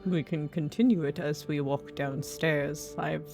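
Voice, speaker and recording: Player as dry, unhurried bookish adventurer, formal speech. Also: medium pitch, steady tone, creaky, over music, voice pushed down. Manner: slow, dry, formal phrasing.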